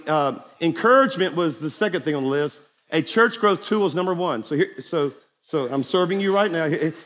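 High-voiced joking preacher in a hall. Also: male voice, fairly bright tone. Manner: folksy, joking, stirring. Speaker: pastor. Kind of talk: conference sermon with jokes. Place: large hall with live audience. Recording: long hall reverb, faint crowd and noise.

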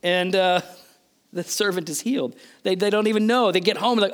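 A male preacher delivers a sermon in an animated storytelling manner. His voice sits high and moves all over the place. He acts out quotes and shifts between loud and soft phrases. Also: moderate pace.

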